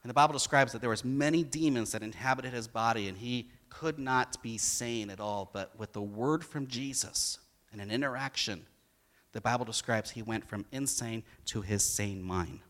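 A man's voice: mid-range voice, normal speed. A middle-aged man preaching a sermon, telling stories and acting out the lines of the people in them with rising emphasis. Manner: animated storytelling, acts out quotes with rising emphasis. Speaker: pastor.

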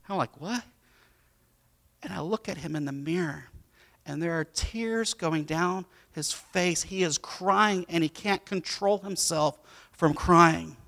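A man preaching a sermon, moving between quiet storytelling and loud, impassioned preaching. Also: fairly high pitch, normal speed, gravelly. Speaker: pastor.

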